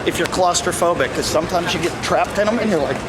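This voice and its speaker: A man's voice: high voice, fast talker, heavy background noise. A male American stand-up comedian telling crude, profane jokes and acting out the people in his stories. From United States. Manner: crude, swearing, acts out characters in dialogue.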